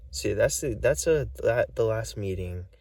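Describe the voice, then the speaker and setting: Male vlogger, weary and short of breath, low and gravelly, halting speech with many restarts. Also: lively intonation, darkish tone, far from the mic. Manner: halting, full of restarts and repeats. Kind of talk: rambling recorded monologue.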